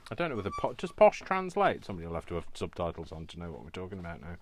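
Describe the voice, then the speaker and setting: Deep-voiced chatty man. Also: huge pitch swings. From Britain. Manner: rambling, chatty, quick to laugh. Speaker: crafting vlogger. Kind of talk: casual chat while crafting.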